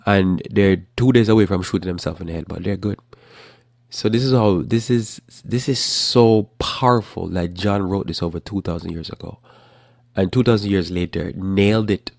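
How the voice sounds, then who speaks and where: A man hosting a casual religious talk show about current events, rambling with restarts in a flat, matter-of-fact way. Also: low voice, moderate pace, gravelly, no room sound, studio quality. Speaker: host.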